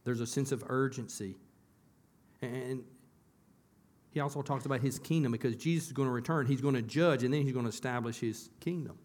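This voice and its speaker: A man preaching a sermon as pastor of a church. His voice sits at an ordinary middle pitch. He talks in a conversational way, asks the congregation questions, and doubles back on his words as he restarts. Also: a little fast, a little mellow.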